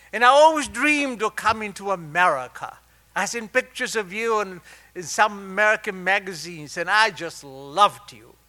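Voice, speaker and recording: An older man from Argentina with an Argentine Spanish accent, telling his life story at a recovery meeting in an animated, humorous, confiding way. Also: high voice. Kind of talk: personal storytelling talk.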